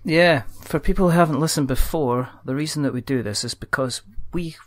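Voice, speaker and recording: A man's voice: on the high side, fairly quick. A man hosting a casual board game podcast, chatty and rambling in a self-deprecating way. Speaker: podcast host.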